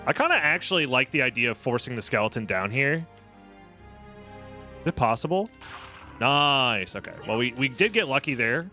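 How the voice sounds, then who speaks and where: A young man live-streaming a game, talking casually and snarkily to chat with a bright, forceful edge to his voice. Faint game music sits underneath him. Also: medium pitch, animated, moderate pace, long pauses. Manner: snarky, sarcastic, swearing freely.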